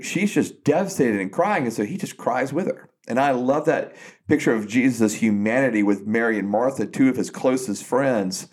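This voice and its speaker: Man, podcast co-host, casual faith chat, conversational storytelling, frequent restarts, medium pitch. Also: a little mellow.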